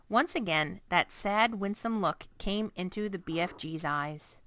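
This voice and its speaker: A woman narrating a children's storybook in an expressive, lively way. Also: medium pitch, unhurried, hardly any pauses. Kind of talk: storybook reading.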